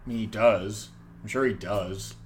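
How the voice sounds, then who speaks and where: A man's voice: on the low side, moderate pace, a little hiss or hum. A man hosting a casual wrestling review podcast, rambling and joking with plenty of ums. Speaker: podcast host.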